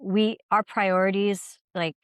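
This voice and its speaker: A middle-aged woman, an actor guest, telling stories in an earnest, animated way. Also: medium pitch, slow, clear, resonant tone, no room sound, clean studio sound. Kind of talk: conversational interview storytelling.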